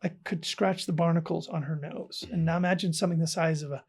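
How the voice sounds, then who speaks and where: Podcast guest from South Africa, man, light voice, earnest storyteller who goes quiet and hushed. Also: on the high side, steady tone, quick pace, breathy edge. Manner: earnest, dropping to hushed tones. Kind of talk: personal storytelling in an interview.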